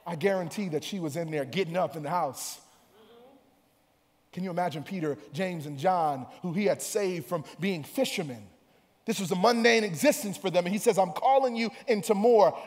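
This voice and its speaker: High-voiced man preaching in a hall. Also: normal speed. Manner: swings between soft, low passages and loud, sing-song preaching. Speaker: pastor. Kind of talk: sermon.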